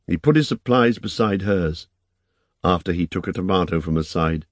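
A man narrating an audiobook in a measured, even storytelling manner. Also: sits low, no room sound.

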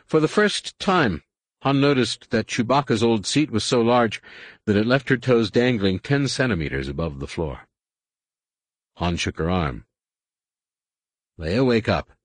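A man reading a science fiction novel aloud in measured, dramatic scripted narration. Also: medium pitch, animated, dry recording. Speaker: audiobook narrator.

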